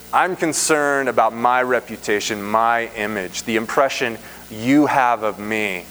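Man, preacher, sermon, earnest, emphatic, mid-pitched voice, long reverb. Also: a bit bright. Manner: earnest, emphatic, repeats phrases for stress. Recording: reverberant hall, faint hum.

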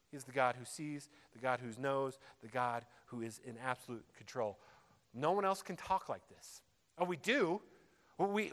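A man's voice: fairly high pitch, a bit bright. A man preaching a sermon as a pastor, earnest and emphatic, repeating key phrases for weight. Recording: long hall reverb.

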